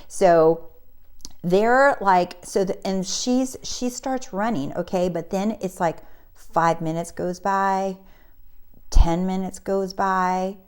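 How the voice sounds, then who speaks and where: A woman coaching on manifestation, telling a personal story in a casual, animated way and acting out the people in it. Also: medium pitch, slow pace, smooth. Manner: animated, acts out the voices of people in her story; breaks into laughter mid-sentence. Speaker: manifestation coach and channel host.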